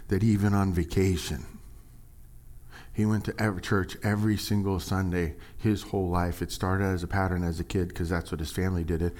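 A middle-aged man preaching as a pastor, conversational and joking with the congregation, acting out quoted lines in a higher, excited voice. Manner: animated storytelling, acts out quotes in a higher voice. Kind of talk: sermon.

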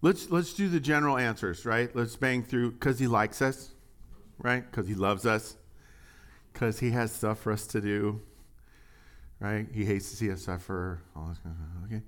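A man's voice: lowish voice, normal speed, a bit bright. Chatty, jokey male preacher. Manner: chatty and jokey, asks the audience questions. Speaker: pastor. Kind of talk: casual sermon and Bible study.

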